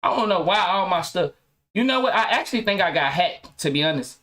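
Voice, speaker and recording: A man hosting his own podcast rants casually to viewers, using loose slang, cursing heavily and restarting often. His high voice is sharp and brisk, with lively intonation.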